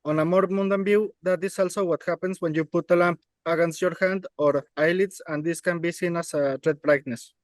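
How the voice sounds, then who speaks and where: A man's voice: on the high side, fairly even intonation, normal speed, hardly any pauses, no echo, poor audio. A man taking part in a workshop, carefully reading out academic comments with some hesitation. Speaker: workshop participant.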